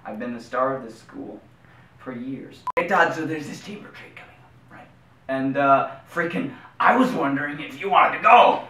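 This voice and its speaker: A man voicing a dim, bragging teenage quarterback who talks brashly and keeps saying "freaking", for an animated web series. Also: medium pitch, normal speed, distant mic, lightly acted. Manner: brash, peppers every line with "freaking". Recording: roomy echo, mic set back, faint hiss.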